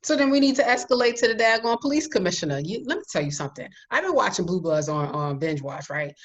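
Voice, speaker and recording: A woman's voice: medium pitch, lively intonation, fast talker. A woman co-hosting a casual podcast chat, speaking emphatically and cutting in with firm opinions. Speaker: podcast co-host.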